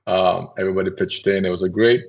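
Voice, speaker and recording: A man, a company CEO, telling anecdotes in a casual, animated podcast conversation and acting out voices as he goes. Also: low-pitched, fast talker, vocal fry, muffled recording. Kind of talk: casual storytelling.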